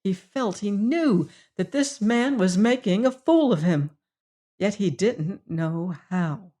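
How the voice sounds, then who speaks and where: A woman reads a classic detective story as an audiobook, slow and deliberate. Her voice sits in an ordinary middle range. The narration is steady and careful. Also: mid-range voice. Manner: slow, measured reading. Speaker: audiobook reader.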